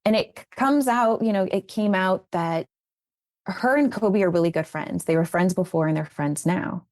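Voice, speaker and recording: She speaks at a moderate pace with a fairly low pitch, recorded at studio quality with no echo. Interviewed about her work as an educator, the woman earnestly and conversationally recounts raising children, turning lively as she re-enacts conversations.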